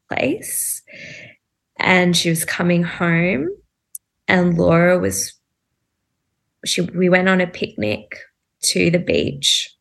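A woman speaks as a podcast guest, earnestly telling a personal story. Her voice sits low and carries a steady gravelly fry. She talks in loose, chatty runs full of fillers and her own remembered thoughts. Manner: earnest, recounting events with many "like" fillers and inner quotes.

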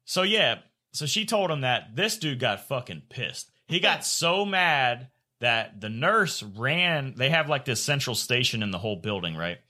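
A man's voice: medium pitch, big pitch swings, unhurried, hardly any pauses, bright, forceful tone. A man co-hosting a podcast, telling a crude story in casual chat, swearing and laughing often. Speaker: podcast co-host.

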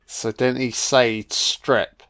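A man giving a casual film commentary, excitable and heavily profane, full of slang and calling listeners man, son and baby. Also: mid-range voice, takes it slowly.

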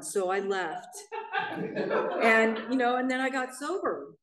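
A middle-aged woman, main speaker at a recovery meeting, telling her own story in a blunt, animated way and acting out the voices of people she quotes. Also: fairly high pitch, slow, a crowd in the background. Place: meeting room in a church. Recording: roomy sound, mic at a distance.

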